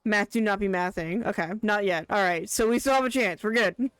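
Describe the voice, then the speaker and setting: A woman's voice: medium pitch, a little fast, smooth, no echo. A young woman streaming a game, chatting casually as she plays, rambling and laughing often. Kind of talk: casual live gameplay commentary.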